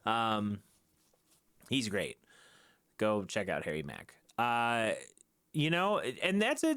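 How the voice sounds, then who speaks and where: A man's voice: on the low side, very animated, slow, long pauses, a bit bright, clear, resonant tone. A man hosting his own podcast in a casual solo chat, rambling and joking at himself, often laughing. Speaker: podcast host. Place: small home room with a keyboard. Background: faint music playing.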